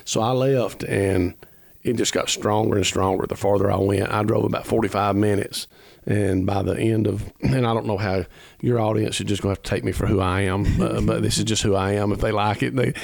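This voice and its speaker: A man's voice: fairly low pitch, steady tone, fairly quick, gravelly, dry recording. A man, telling a long personal story as a podcast guest, earnest and rambling, acting out the dialogue as he goes. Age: 50s. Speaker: musician guest.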